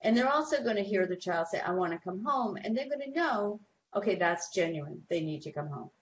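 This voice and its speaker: A woman's voice: medium pitch, fairly quick, dull audio, slight background noise. A woman giving practical advice to parents on a talk show, telling stories and acting out the people she quotes. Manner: animated storytelling, acts out quoted people. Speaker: guest behavior expert.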